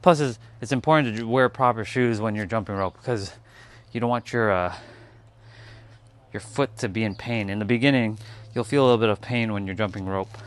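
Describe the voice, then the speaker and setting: A man's voice: fairly low pitch, a little fast, clear, resonant tone. A man talking loosely in a casual vlog, meandering with many fillers, outdoors on a hot day. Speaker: spiritual vlogger.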